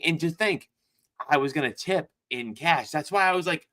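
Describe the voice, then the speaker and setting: A man co-hosting a gaming podcast, telling stories in a casual, profane, animated way. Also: on the high side, normal speed. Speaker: podcast co-host. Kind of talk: casual chat.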